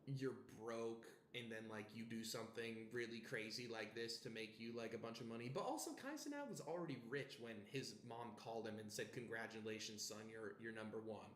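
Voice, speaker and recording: A man's voice: mid-range voice, animated, fairly quick, few pauses. A young man vlogging about his clothing brand in a rambling, joking way, with plenty of swearing. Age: young adult. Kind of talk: casual vlog chat. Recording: roomy with faint background noise.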